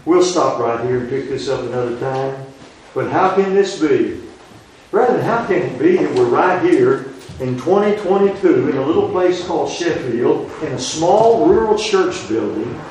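A man's voice: a little high, expressive, measured pace, darkish tone. A man preaching a sermon in a small rural church, stretching key words and rising on emphatic questions. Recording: echoey church room, distant mic, faint hiss.

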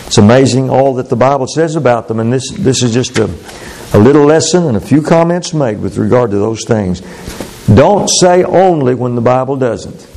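A man preaching a sermon, emphatic and repeating phrases for stress, his pitch swinging widely from line to line. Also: vocal fry, darkish tone, poor audio.

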